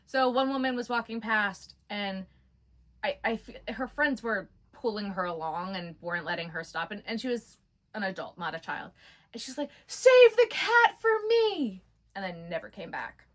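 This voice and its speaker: A woman's voice: medium pitch, moderate pace, a bit bright. A woman hosting a crochet channel, chatting casually about craft fair customers and laughing often. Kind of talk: casual chat.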